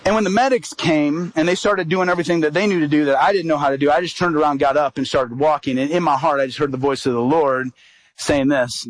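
Animated man telling a sermon story. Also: on the high side, fast, no room sound, rough recording. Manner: animated storyteller acting out quoted dialogue. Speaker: evangelist.

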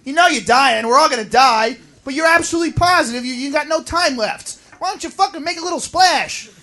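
High-pitched ranting stand-up comic. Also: male voice, noisy background. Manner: loud, crude, ranting. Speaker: stand-up comedian. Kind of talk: stand-up comedy. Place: comedy club stage. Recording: live club with crowd laughter.

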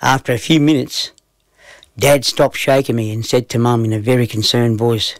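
A man's voice: medium pitch, steady tone, normal speed, no echo. A man telling a playful children's story. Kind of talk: storytelling narration.

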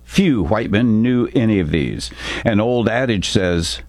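A man's voice: fairly low pitch, animated, dry recording. A man reading a military short story aloud, giving light voices to the soldiers. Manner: measured storytelling, voicing characters lightly. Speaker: narrator. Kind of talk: scripted story narration.

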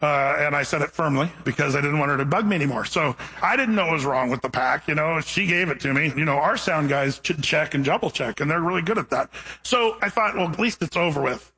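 A middle-aged male pastor preaching a sermon, telling a funny story in a lively, animated way before reading scripture. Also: on the high side, fairly quick, breathy edge, low-quality recording.

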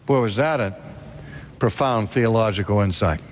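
Brief: middle-aged male preacher, theatrical sermon delivery, light background hiss. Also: normal speed. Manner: dramatic, acts out quoted voices with wide pitch swings.

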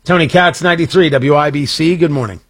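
A man's voice: fairly high pitch, fast talker. A man hosting a morning radio talk show in a casual, rambling, joking way. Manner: rambling, self-interrupting, jokey.

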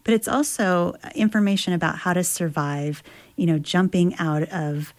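A woman author and travel writer reads from her memoir and then talks about it reflectively, often pausing to search for words. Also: on the low side, fairly even intonation. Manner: reflective, with many fillers and restarts.

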